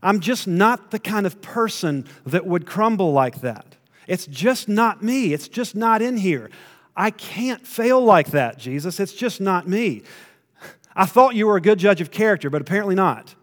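A preacher acting out a proud, indignant disciple. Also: male voice, a little high, expressive, moderate pace, in a large hall, close to an everyday voice. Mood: offended protesting. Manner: indignant, protesting. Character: proud, boastful male disciple insisting he's different.

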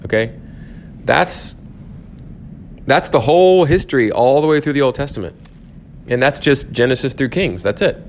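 Low raspy guy teaching a bible class, lots of um and restarts, bit of background hiss. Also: lively intonation, moderate pace. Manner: thinks aloud with frequent restarts and fillers. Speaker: church teacher. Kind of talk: church class lecture.

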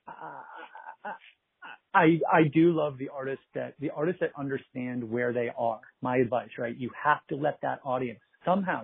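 A man, a festival producer, telling animated anecdotes in a casual interview, quoting people and laughing often. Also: fairly high pitch, dry recording. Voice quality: husky, gravelly. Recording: tinny phone-like line.

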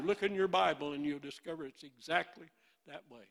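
Impassioned old man preaching, gravelly voice. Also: on the high side, steady tone, normal speed. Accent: Midwestern American. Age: 80s. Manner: impassioned, swinging from loud bursts to hushed storytelling. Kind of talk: sermon.

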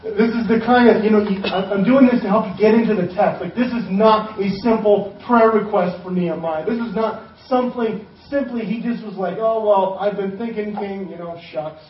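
A man's voice: high-pitched, normal speed, hardly any pauses, recorded from a distance, slight background noise. A man preaching a sermon as pastor, casual and joking as he retells scripture in his own words. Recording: echoey hall, voice from off-mic, dull sound.

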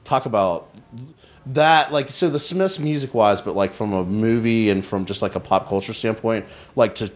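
A man in his forties, a comedian guesting on a podcast, who talks in a loose, rambling way. His voice sits fairly low. He tells his stories with lots of fillers and restarts. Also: moderate pace. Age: 40s. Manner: rambling, filler-heavy storytelling. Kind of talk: casual podcast chat.

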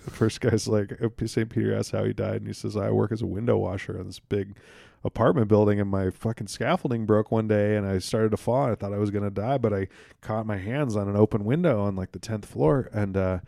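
A man co-hosting a podcast, telling jokes in a rambling, halting way with lots of fillers and restarts and casual swearing. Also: fairly low pitch, steady tone, gravelly, mellow, no echo, studio quality. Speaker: podcast co-host.

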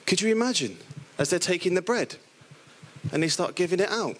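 Animated playful preacher, man. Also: high-pitched, normal speed. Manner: playful, animated storytelling with voiced characters. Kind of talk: lively sermon.

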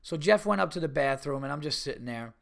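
A middle-aged man telling a rambling, animated story on his podcast, full of restarts and asides. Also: a little high, fast, gravelly. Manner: rambling, animated, with many restarts and mock voices. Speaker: podcast host. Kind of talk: casual storytelling.

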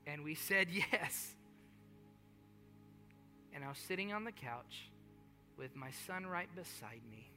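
A man preaching a sermon as pastor, earnest and repetitive, moving between hushed storytelling and rising appeals. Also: a little high, lively intonation, takes it slowly, pauses often. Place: large church hall. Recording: long hall reverb with faint music.

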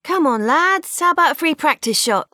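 A woman's voice: sits high, lively intonation, moderate pace, no room sound, studio quality, voice pushed up. A woman doing a cheeky young stall girl. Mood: cheeky, teasing.

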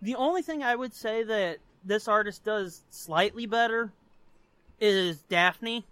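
A man's voice: sits high, a little slow, fairly bright tone, clean tone, dry recording. A man co-hosting a podcast who rants about a comic book in emphatic, profane casual chat. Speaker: podcast co-host.

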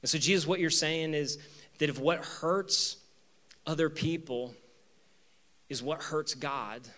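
A man preaching a sermon to his church, animated, acting out voices in the story and moving between loud emphasis and quiet asides. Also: fairly high pitch, slow pace. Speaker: pastor. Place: church with two campuses.

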